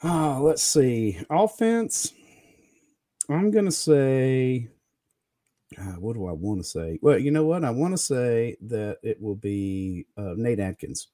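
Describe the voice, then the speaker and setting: A man's voice: mid-range voice, animated, slow, warm tone, no room sound, clean studio sound. A man co-hosting a casual sports talk show, giving laid-back football analysis. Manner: laid-back, chuckles often.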